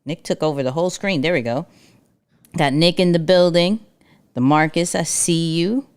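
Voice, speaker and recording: A young woman co-host talks in a bubbly, chatty way on a live show. Her voice sits fairly low and sounds smooth and resonant. She tells stories with quick asides. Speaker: podcast co-host. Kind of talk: casual live show chat.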